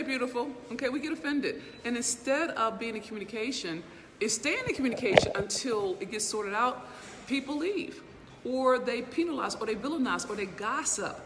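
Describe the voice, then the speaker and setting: A woman's voice: a little high, a bit bright. A middle-aged woman, an inspirational speaker and business mentor, giving a blunt, profane motivational talk to a live audience, checking in with them again and again. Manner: emphatic, blunt and profane, full of rhetorical check-ins. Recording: long reverb with faint background noise.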